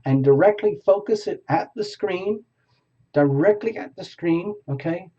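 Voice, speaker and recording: A man's voice: sits high, a little slow, slightly rough. Man giving a dull lo-fi tarot reading. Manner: improvising, talking step by step to the viewer. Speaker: tarot reader. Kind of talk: live video reading to a viewer.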